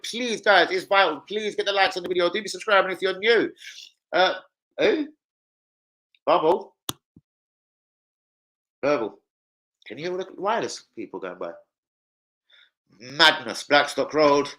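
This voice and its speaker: A man chats loosely on his football livestream, jumping between opinions and viewer shout-outs with plenty of swearing. His voice is bright and forceful, set a touch high for a man. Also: lively intonation, normal speed, pauses often, low-quality recording. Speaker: football channel host. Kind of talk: casual livestream chat.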